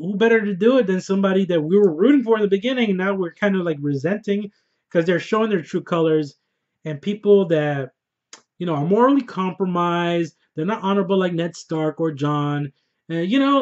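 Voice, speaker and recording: A man doing a casual spoiler review of a TV episode, excitable and profane, often laughing as he talks. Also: on the high side, muffled recording. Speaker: TV show reviewer.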